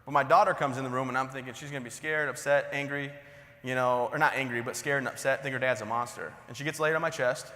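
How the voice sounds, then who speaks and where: Male keynote speaker, 30s, tense bright tone, wry conversational storytelling, stage mic with long hall reverb. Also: medium pitch, fairly even intonation, quick pace. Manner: joking, conversational, self-deprecating. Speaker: motivational speaker. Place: large conference hall.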